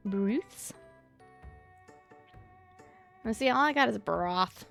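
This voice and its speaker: A woman's voice: medium pitch, expressive, unhurried, vocal fry, fairly bright tone, faint music behind. A woman from Louisiana chatting with her stream chat while she plays a game, musing and reading comments aloud.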